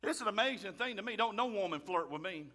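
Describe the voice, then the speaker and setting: Loud emphatic preacher man. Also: sits high, lively intonation, fast talker. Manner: loud, emphatic, raises his voice. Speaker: pastor. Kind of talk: fiery sermon.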